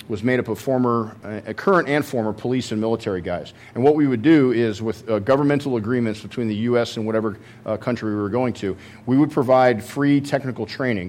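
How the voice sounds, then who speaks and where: Man preaching with a halting storytelling manner. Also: on the low side, a little mellow. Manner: conversational storytelling with frequent fillers and restarts. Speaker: pastor. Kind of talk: sermon.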